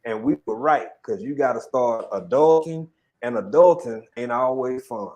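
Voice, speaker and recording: A man's voice: medium pitch, normal speed, darkish tone. A man hosting a casual chat show, laid-back and joking with slangy talk. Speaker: show host.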